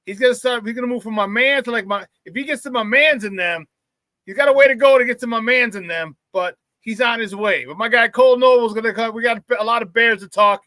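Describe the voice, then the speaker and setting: A sports talk host with a high, sharp, bright voice, heard close and dry. He talks fast and gets worked up, tripping over his words and repeating them as the excitement builds. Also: dry recording. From Chicago area. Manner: fired-up, excitable, repeats words when animated. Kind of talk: casual sports radio talk.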